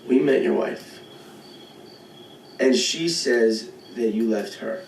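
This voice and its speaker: An earnest young wrestling fan, speaking slowly and flatly to the point. The sound is roomy and distant, with faint ambience behind it. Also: male voice, mid-range voice, vocal fry, slight background noise. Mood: blunt.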